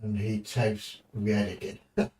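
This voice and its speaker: A man's voice: fairly low pitch, fairly even intonation, takes it slowly, darkish tone, distant mic, slight background noise. An English man streaming a game, chatting in a rambling way and swearing casually as he plays. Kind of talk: casual gaming commentary.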